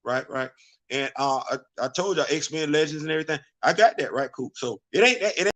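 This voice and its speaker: A man's voice: a little high, brisk, a bit bright. A man hosting his own vlog, giving casual opinion commentary full of emphatic repetition and rhetorical questions. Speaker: vlog host.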